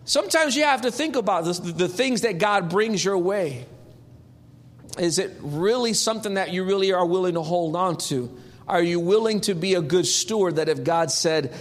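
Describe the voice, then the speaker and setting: Male preacher, very high voice, animated, humorous, conversational sermon. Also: normal speed. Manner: animated, humorous, acts out quotes.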